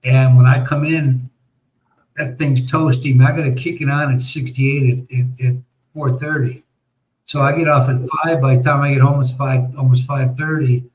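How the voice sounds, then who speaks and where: A man's voice: medium pitch, flat delivery, normal speed, darkish tone, poor audio. An American man telling a long, rambling story in casual chat, swearing often and restarting his sentences. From United States. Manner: rambling, profane, lots of restarts and fillers. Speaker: podcast host.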